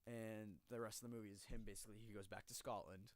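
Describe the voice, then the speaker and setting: Man, podcast co-host, casual chat, animated storyteller, swears a lot, dry close sound. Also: on the low side, fast talker, dry recording.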